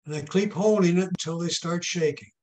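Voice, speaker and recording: A man leads a hands-on tech class at a patient, folksy pace and keeps checking that everyone is following. His voice sits a little high for a man. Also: a little fast, a little mellow. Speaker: technology class instructor. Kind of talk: hands-on tech lesson with a told joke.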